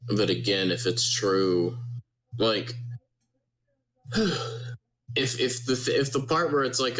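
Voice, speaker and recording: A man's voice: lowish voice, lively intonation, slow pace, pauses often, a bit bright, poor audio. A man on a casual podcast, arguing his point firmly in a back-and-forth discussion. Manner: argumentative, pressing his point. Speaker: podcast co-host.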